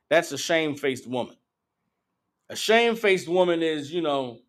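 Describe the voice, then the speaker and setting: A man with a high voice preaches a street-style sermon in a blunt, profane way. He mocks people by putting on their voices and hammers his points home. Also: lively intonation, normal speed, fairly bright tone. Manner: blunt, profane, mocking impressions of women. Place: meeting hall.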